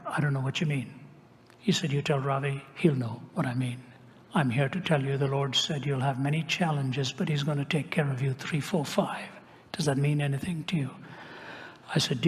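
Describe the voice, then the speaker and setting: A male preacher telling a personal story in a sermon, acting out the quoted speech with wry asides. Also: medium pitch. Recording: long hall reverb.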